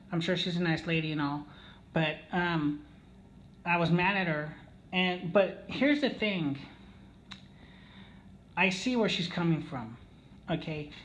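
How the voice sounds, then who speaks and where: A man's voice: a little high, muffled recording, slight background noise. A man telling a casino story in a rambling way, with many fillers and restarts, often checking in with "okay?". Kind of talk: casual storytelling monologue.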